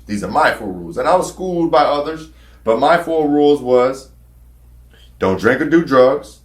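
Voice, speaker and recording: A man casually telling his own story, candid and profane, rambling with fillers. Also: medium pitch. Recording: roomy echo.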